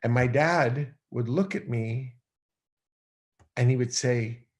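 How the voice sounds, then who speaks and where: Rambling, animated male storyteller. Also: medium pitch, takes it slowly. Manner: animated, acts out his own past thoughts aloud; loose and rambling, heavy on fillers. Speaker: podcast guest. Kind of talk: conversational storytelling.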